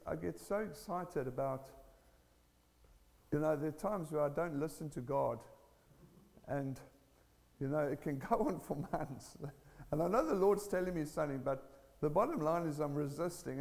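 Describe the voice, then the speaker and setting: A man preaching a sermon, telling a personal testimony in an earnest, animated way. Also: fairly high pitch, moderate pace, gravelly, in a large hall.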